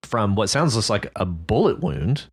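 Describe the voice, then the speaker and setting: A man co-hosting a writing podcast, talking over listener stories in a relaxed, agreeable way with lots of fillers. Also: fairly low pitch, normal speed, slightly rough. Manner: laid-back, agreeable, many fillers. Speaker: podcast co-host. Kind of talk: casual discussion of listener stories.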